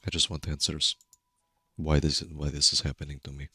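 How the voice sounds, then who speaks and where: A man playing his character in a tabletop game, speaking in an earnest, measured way with a husky voice. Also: level tone, pushed and bright, no room sound, clean studio sound. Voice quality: very deep, gravelly and husky. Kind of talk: in-character role-play.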